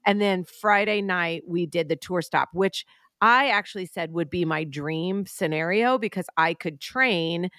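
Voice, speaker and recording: A woman co-hosting a podcast, telling a story in casual chat, animated and full of restarts. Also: lowish voice, measured pace, no room sound, studio quality. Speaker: podcast co-host and preacher.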